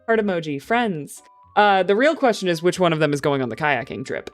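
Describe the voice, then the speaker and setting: A woman streaming, chatting casually and excitably, swearing and laughing often. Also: on the low side, brisk, soft background music. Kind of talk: casual livestream chat.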